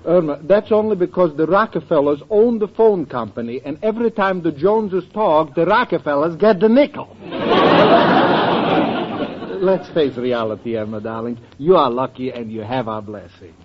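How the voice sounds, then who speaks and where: An actor playing an excitable, effusive older male professor in a 1940s radio comedy, theatrical and swooping in delivery. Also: fairly high pitch, normal speed, close to an everyday voice. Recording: lo-fi old radio recording.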